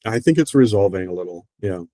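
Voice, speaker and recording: A man speaking slowly and hesitantly as a client, naming his feelings with pauses. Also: lowish voice, animated, mellow, no echo. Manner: slow, reflective, hesitant with ums. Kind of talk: therapy session talk.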